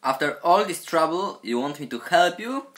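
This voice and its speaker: A teenage girl voicing a big, gruff male alien scientist with a slow, exaggerated deep voice. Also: animated. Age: late teens.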